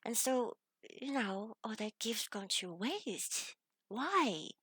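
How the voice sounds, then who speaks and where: A woman's voice: fairly high pitch, sing-song, slow pace, a bit bright, husky, no room sound. A woman with a Chinese accent tells a personal story to camera in an earnest way, with some hesitant fillers. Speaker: self-development vlogger.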